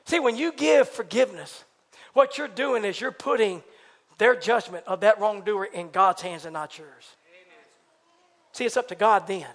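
A man preaching a sermon in a church service, animated and folksy, swinging from loud exclamations to hushed asides and talking back and forth with the congregation. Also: high-pitched, unhurried.

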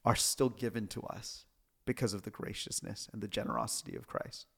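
A man's voice: fairly low pitch, steady tone, fairly quick, vocal fry, husky. A man, a pastor hosting a church podcast, speaking in an earnest, preacherly way. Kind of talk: reflective podcast conversation.

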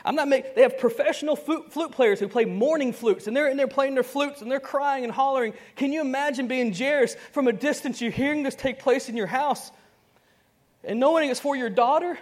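A man preaching a sermon to a congregation, conversational and animated. He acts out dialogue, with sudden swings between soft and loud, and chuckles often. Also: extremely high pitch, normal speed. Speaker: pastor.

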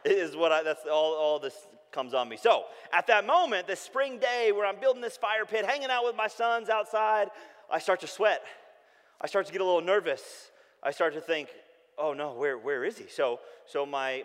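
A man, preaching a sermon with animated storytelling that turns soft and hushed when he reflects. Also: on the high side, brisk, smooth, big-room sound. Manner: animated storytelling, shouting when acting out calls. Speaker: pastor.

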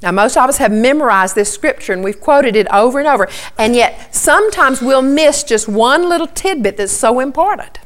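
Earnest woman teaching scripture, higher voice. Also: animated, moderate pace, few pauses. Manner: earnest, repeats key phrases, often starts with "okay". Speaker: Bible teacher. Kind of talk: Bible teaching.

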